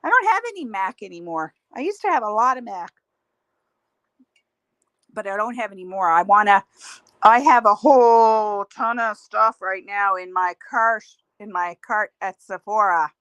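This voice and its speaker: A woman's voice: mid-range voice, lively intonation, moderate pace, a bit bright, no room sound. A middle-aged woman hosting a casual livestream, chatting in a rambling way and answering viewer comments. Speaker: livestream host.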